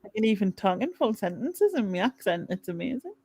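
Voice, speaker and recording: This live stream host is a woman with a Mackem accent from Sunderland in North East England. Her medium-pitched voice is very animated and a little fast, with a crowd audible behind her. She keeps the chat casual, laughing often and reading out viewers' comments.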